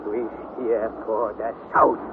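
An actor playing a stubborn, domineering older professor in a radio drama, brusque and commanding. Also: male voice, fairly low pitch, level tone, slow pace. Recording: tinny old radio broadcast with hiss.

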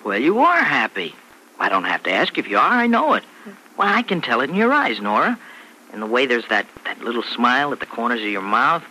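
Teasing young groom-to-be, lively bright voice, old-time radio play. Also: male voice, mid-range voice, brisk, slightly rough, heavily acted, rough recording. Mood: affectionate. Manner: teasing, joking. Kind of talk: 1940s radio acting.

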